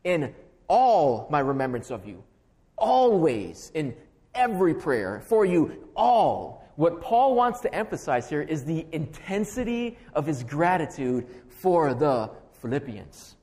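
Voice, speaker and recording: A man's voice: a little high, big pitch swings, measured pace, a little mellow, in a large hall. A man preaching an expository sermon as pastor, emphatic and building through stacked, repeated phrases.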